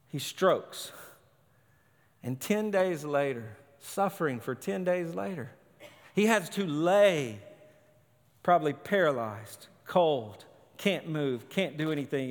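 A male pastor preaching a sermon in emphatic, short, punchy phrases. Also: on the high side. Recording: long hall reverb.

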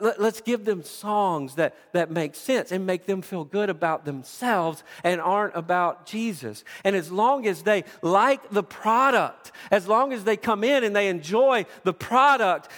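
A man's voice: high-pitched, a bit bright. A man preaching a sermon with passion, often repeating words as he builds his point. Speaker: pastor. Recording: long reverb of a large hall.

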